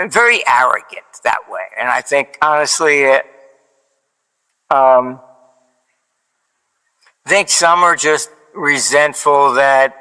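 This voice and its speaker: A man's voice: medium pitch, pushed and bright, clear, resonant tone. A man telling long stories in casual talk, full of fillers and restarts, who acts out the quoted back-and-forth of each anecdote with a dry delivery. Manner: rambling, many fillers and restarts. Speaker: financial analyst guest. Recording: long hall reverb.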